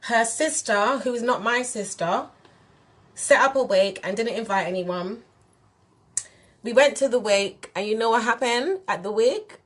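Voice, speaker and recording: A woman's voice: on the high side, measured pace. A woman from England, a spiritual teacher talking candidly and emphatically straight to her viewers. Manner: direct, emphatic, addresses viewers as "you lot". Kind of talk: candid monologue to camera.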